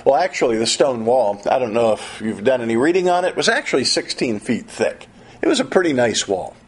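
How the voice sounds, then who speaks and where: A middle-aged man preaching a sermon in an animated way, often repeating and restarting his phrases. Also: mid-range voice, fairly quick, slightly rough.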